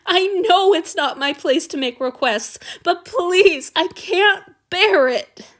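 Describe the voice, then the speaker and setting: A woman's voice: extremely high pitch, animated, slow, a bit bright, voice pushed up, heavily acted. A woman reading aloud, voicing a meek, devoted young male servant who pleads and abases himself. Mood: pleading. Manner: pleading, self-abasing. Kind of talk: audiobook reading.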